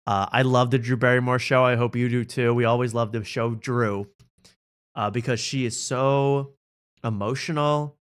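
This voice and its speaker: A man's voice: medium pitch, steady tone, normal speed, clear, resonant tone. Sarcastic male comedy podcast host. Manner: sarcastic, jokey, laughing often. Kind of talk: comedic reaction commentary.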